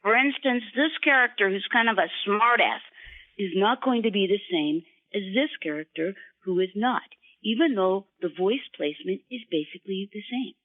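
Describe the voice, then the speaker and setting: A woman guest voice actor in an interview, explaining voice technique in an instructive way and slipping into quick voice demonstrations. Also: mid-range voice, expressive, dry recording. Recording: tinny phone line.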